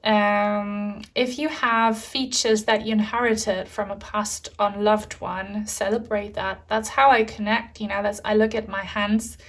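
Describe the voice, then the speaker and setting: A woman giving a pick-a-card tarot reading, speaking softly and earnestly, reassuring the viewer and getting emotional at times. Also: medium pitch, little pitch movement, a little slow, few pauses, recorded from a distance. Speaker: tarot reader.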